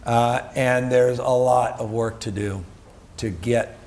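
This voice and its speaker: A middle-aged man on stage, a political candidate talking in a quick, joking, emphatic way. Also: medium pitch, steady tone, a little mellow, a little hiss or hum. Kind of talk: casual onstage conversation.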